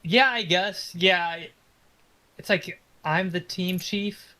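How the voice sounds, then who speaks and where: A man with a fairly high, bright voice joins a podcast from home over an internet call. He talks in a laid-back, casual way and swears freely. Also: takes it slowly. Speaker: podcast guest. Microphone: remote call over home internet.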